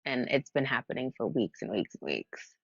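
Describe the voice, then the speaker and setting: Gravelly-voiced woman calling from bed. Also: rumbling low, big pitch swings, normal speed, no room sound, dull audio. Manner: earnest, concerned, filler-heavy. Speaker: caller. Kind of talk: casual call-in chat. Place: at home in bed.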